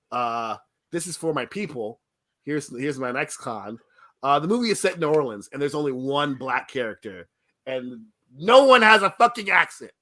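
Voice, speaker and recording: A man co-hosting a podcast, giving blunt, jokey movie complaints in casual chat and laughing loudly. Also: medium pitch. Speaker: podcast co-host.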